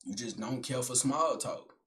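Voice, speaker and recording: A young man doing a comedic monologue in which he talks to himself in slangy, profane speech, swinging between loud projecting and low mumbling. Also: moderate pace. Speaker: skit creator.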